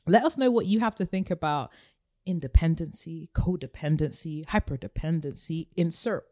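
A woman's voice: sits low, moderate pace, mellow, no room sound, studio quality. A woman co-hosting a podcast, talking earnestly and encouragingly in casual chat. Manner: earnest, encouraging, laughs often. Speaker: podcast co-host.

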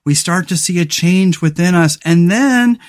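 A man's voice: sits high, measured pace. A man hosting a solo motivational podcast, talking earnestly and rambling, with frequent restarts, fillers and the odd swear word. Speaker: podcast host.

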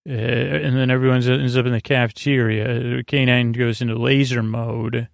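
A man hosting a sleepy bedtime podcast, retelling a story in a halting, rambling way with many fillers and restarts. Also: gravelly, dry recording, studio quality. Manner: low-key monotone retelling. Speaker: podcast host. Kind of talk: sleepy bedtime episode recap.

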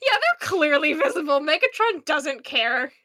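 A young American woman co-hosting a casual podcast, rambling excitedly and swearing freely. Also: sits high, normal speed, no room sound. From United States. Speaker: podcast co-host. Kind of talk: casual fan chat.

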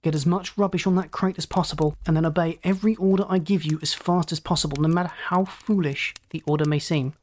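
Driven male space captain barking orders in a raised, strained voice, as a reader puts him on. He pushes his men hard and grows frantic as danger closes in, calls rising high. A storybook hero under pressure. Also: fairly even intonation, fast talker, hardly any pauses, a little mellow, lightly acted. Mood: commanding. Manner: barked urgent orders.

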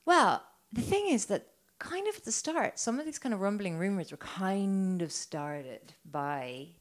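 A woman's voice: medium pitch, lively intonation, measured pace. A woman, hosting a podcast and telling a story in casual, chatty talk full of fillers and swearing. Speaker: podcast host.

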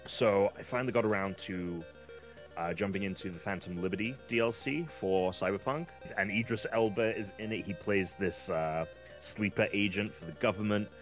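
A British man from England co-hosting a podcast, telling stories in a halting, self-deprecating way with many restarts. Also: on the low side, soft background music. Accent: British English. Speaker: podcast co-host. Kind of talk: casual chat.

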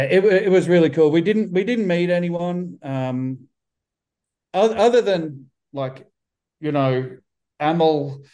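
A man's voice: medium pitch, warm tone. A man in a casual interview over a video call, rambling and swearing often, with many restarts. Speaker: band member guest.

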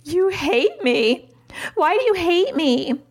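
A woman imitating a whiny, upset five-year-old girl, in a high, accusing voice. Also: very animated, slow, heavily acted. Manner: whining, accusing.

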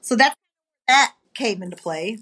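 Woman, bright voice, animated storyteller, acts out dialogue, podcast co-host. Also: medium pitch, unhurried, husky. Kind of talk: casual storytelling chat.

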